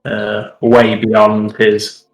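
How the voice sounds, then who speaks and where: Male player, slow and hesitant, low pitch, roomy echo. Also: completely flat delivery, faint music behind. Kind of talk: playing a tabletop game.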